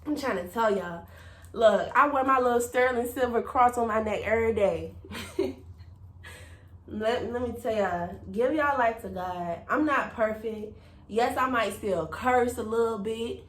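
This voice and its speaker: A woman's voice: fairly high pitch, measured pace, roomy sound. A woman giving a personal faith testimony to her viewers in an emphatic, preachy way, repeating phrases and calling out to them as y'all. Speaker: faith vlogger.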